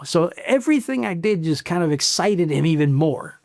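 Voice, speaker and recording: Blunt, animated man from Chicago, fairly high voice. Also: moderate pace, vocal fry. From South Side of Chicago, US. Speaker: former Marine master sergeant, guest. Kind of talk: casual storytelling interview.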